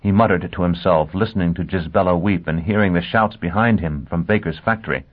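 Low-voiced man narrating a story. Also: brisk. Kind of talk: audiobook narration. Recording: tinny phone-like sound.

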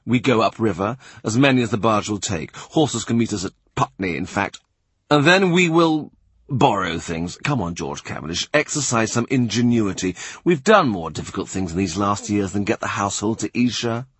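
A man voicing a blunt, sharp-tongued male adviser who gives brisk orders. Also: fairly low pitch, animated, slightly rough, no echo. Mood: rallying.

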